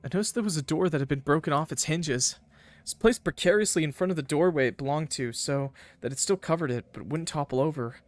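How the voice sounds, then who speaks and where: A man's voice: fairly high pitch, quick pace, dry recording. A man streaming a game, reading its text aloud in first person and breaking off for joking asides to his chat. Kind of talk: reading a game's text aloud with live commentary.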